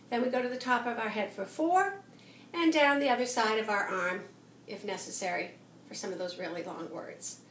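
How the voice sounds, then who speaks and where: A woman teacher explaining a classroom method in a clear, patient way, speaking at times as if to young children. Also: medium pitch, brisk, fairly bright tone, a little hiss or hum. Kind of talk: teaching demonstration to the camera. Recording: echoey room from a distance.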